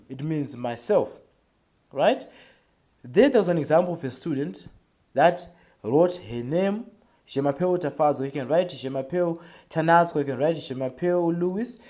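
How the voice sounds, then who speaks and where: A patient teacher leads a beginner French lesson and says each phrase twice so it sticks. The voice is warm and mellow, with a medium pitch. Short checks like "right?" keep the lesson moving.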